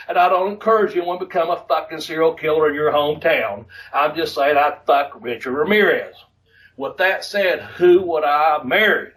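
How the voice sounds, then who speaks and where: Male podcast co-host, fairly high voice, foul-mouthed animated ranting, a little distant from the mic. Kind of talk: casual podcast rant.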